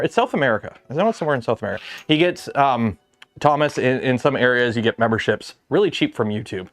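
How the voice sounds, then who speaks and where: A man's voice: mid-range voice, expressive, fast talker, faint music behind. A man hosting a casual livestream from his home garage, rambling with lots of filler words. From Canada. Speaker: livestream host.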